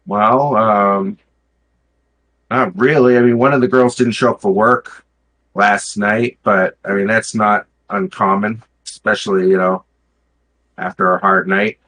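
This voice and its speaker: A man's voice: lowish voice, steady tone, unhurried, fairly bright tone, poor audio. A man playing a guarded, curt tavern waitress in a tabletop game.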